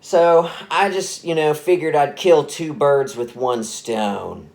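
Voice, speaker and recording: A man voicing an adult woman, a party guest who speaks in a slow, oddly seductive way. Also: deep voice, a little mellow. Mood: sly. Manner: slow, suggestive, drawn-out.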